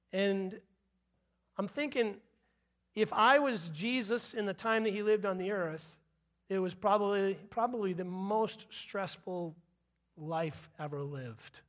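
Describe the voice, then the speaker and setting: A man's voice: sits high, animated, unhurried. A man preaching a sermon as pastor, joking with the congregation and repeating punchlines. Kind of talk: sermon with humor.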